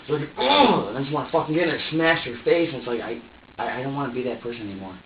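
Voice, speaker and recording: A man's voice: medium pitch, very fast, slight background noise. Agitated young man, heard from across a room. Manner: agitated, profane, stammering restarts. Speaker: suspect being questioned by police. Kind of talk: emotional confession in an interrogation. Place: police interrogation room. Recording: distant, roomy, dull room recording.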